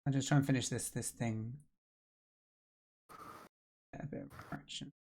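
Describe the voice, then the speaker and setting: A man's voice: medium pitch, fairly even intonation, unhurried, a little mellow, breathy edge. A man hosting a live stream and chatting casually as he works through a tutorial, thinking aloud and joking at his own expense. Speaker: livestream host learning game development. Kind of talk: casual live-stream chat while working.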